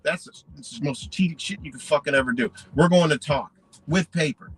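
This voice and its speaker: A man's voice: fairly high pitch, brisk, husky, dry recording, poor audio. A man ranting on a livestream in slangy, profane speech, full of "you know" fillers and emphatic repetition. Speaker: livestream host. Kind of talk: unscripted livestream rant.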